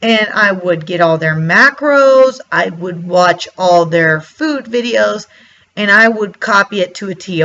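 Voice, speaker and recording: Woman, vlogger, casual motivational chat, bright tone, slightly muffled recording. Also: medium pitch, expressive, a little slow. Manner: chatty, acts out her own past thoughts. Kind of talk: casual motivational talk to camera. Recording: slightly dull lo-fi sound.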